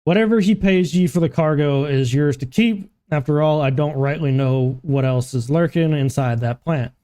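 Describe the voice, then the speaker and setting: A gruff, overworked dockside foreman voiced by a man reading game lines aloud, grumbling in rough, old-fashioned dialect. His voice sits fairly high but sounds mellow and soft-edged. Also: moderate pace, natural voice. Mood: urgent.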